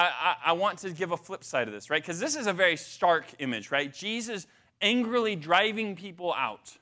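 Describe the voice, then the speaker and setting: A man's voice: sits high, pushed and bright. A man preaching a conversational sermon, emphatic, with frequent restarts and asides to the congregation. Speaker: pastor.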